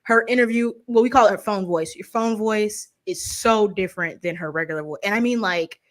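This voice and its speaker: A woman's voice: medium pitch, brisk. A woman hosting a live stream, chatting casually in a joking, slangy way. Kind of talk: casual chat.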